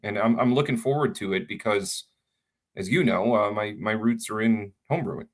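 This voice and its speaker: A man, a brewery co-owner, talking in a relaxed, friendly way as a guest. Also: on the low side, normal speed. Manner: relaxed, friendly, many fillers. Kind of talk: casual interview chat.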